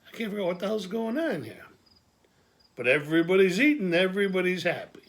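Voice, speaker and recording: A man's voice: high voice, lively intonation. Man telling a streetwise comic monologue. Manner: streetwise storyteller, swearing, quick asides. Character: Pork Chop, a gruff middle-aged family man. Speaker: comedian doing an improvised monologue. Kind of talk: improvised comic monologue in character.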